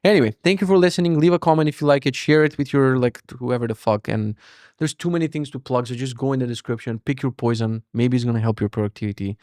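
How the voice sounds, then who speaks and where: A man in his thirties hosting a podcast, telling a story as a casual rant, animated, cursing freely and mocking himself. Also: mid-range voice, fast, no room sound, clean studio sound. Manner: animated, profane, self-mocking. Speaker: podcast host.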